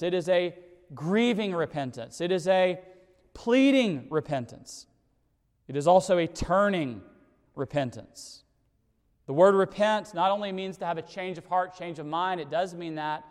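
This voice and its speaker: A man preaching a sermon, moving between loud pleading and quiet intensity, sometimes mocking the speakers he quotes. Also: high voice, in a large hall. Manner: mocking put-on voices for quoted figures. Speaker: pastor.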